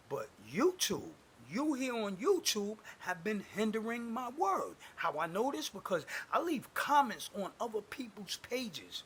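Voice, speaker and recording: A man delivering an angry, preachy religious rant to camera, cursing and swinging between booming declarations and muttered asides. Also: fairly bright tone, slight background noise. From United States. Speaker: self-styled prophet posting online videos.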